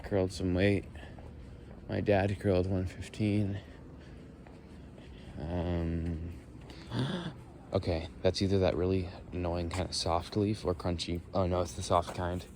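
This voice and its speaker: Young guy with a really low voice, wandering thoughts while walking outside, faint outdoor hiss. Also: fairly even intonation, slow, long pauses. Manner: musing, meandering, thinks out loud. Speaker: vlogger. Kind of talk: rambling walk-and-talk monologue. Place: outdoors on a walk through leaves.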